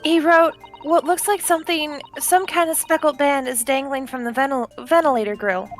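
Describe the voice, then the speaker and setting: A woman plays a courteous young assistant in a fan dub of a game, speaking in a high voice. Her formal, polite reading sits over faint game music. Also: steady tone, normal speed, lightly acted.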